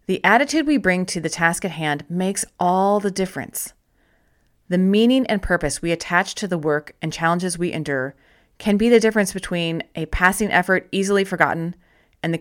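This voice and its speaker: Gentle, encouraging lower-voiced woman narrator. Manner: gentle, encouraging, slow deliberate emphasis. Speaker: audiobook narrator. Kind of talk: scripted self-help narration.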